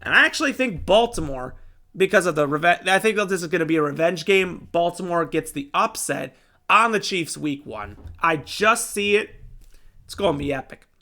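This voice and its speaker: A young man hosting a sports show, giving casual game predictions in an excitable, animated way. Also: fairly high pitch, moderate pace. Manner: excitable, animated fan talk.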